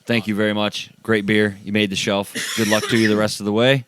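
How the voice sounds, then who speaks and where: A man's voice: on the low side, little pitch movement, a little fast, background noise. A man co-hosting a casual podcast, dropping dry wisecracks. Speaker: podcast co-host.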